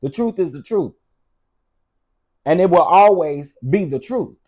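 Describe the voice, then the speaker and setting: A man with a high voice that swings widely up and down, ranting to his viewers in loose, unscripted commentary. He is sassy, blunt and freely profane, and he talks straight to the audience. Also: animated, unhurried, darkish tone. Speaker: vlog host. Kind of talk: casual commentary rant.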